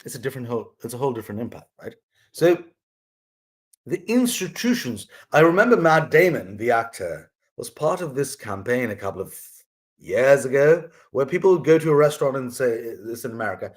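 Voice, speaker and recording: A man's voice: mid-range voice, very animated, fairly quick. A man hosting his own vlog, talking through a life lesson in a casual, rambling, earnest way with frequent restarts. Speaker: vlog host sharing his mother's lessons. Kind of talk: casual reflective monologue.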